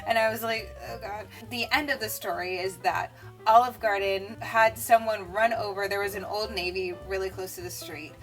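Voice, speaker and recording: A woman's voice: medium pitch, steady tone, moderate pace. Chatty young woman telling a storytime. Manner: chatty, lots of "like" fillers. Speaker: vlogger. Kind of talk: casual storytime retelling. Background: faint music.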